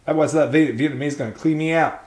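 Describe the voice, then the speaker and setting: A man's voice: a little high, steady tone, racing, darkish tone. A young Australian man co-hosting a casual music review, cracking crude rambling jokes and laughing a lot. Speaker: podcast co-host. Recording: echoey room, faint noise.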